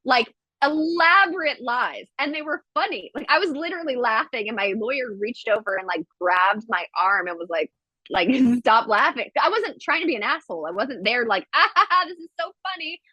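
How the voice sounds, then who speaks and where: A woman guest on a podcast, telling a story in casual chat with lively quoted voices and blunt swearing. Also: a little high, normal speed, no echo, low-quality recording. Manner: animated storytelling, acts out quotes; swears freely.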